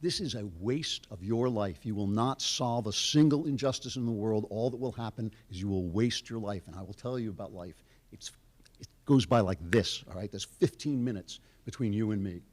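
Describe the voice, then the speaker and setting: A man's voice: fairly low pitch, moderate pace, a little mellow. An older man with an American accent giving an emphatic lecture, punching out one-word headings and dropping sarcastic asides. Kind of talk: speaking at a lecture.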